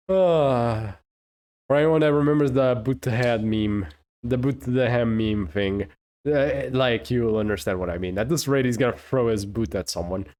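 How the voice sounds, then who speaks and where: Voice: mid-range voice, moderate pace, a little mellow. A swearing, laughing game streamer. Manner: swears a lot, laughs through talk. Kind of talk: live game playthrough commentary.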